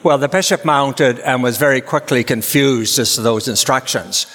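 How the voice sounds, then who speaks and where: A man, an Anglican priest giving an Easter sermon in a measured, storytelling way. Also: mid-range voice, a bit bright, soft background music. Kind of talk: Easter sermon with a told joke. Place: large church. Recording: long church reverb.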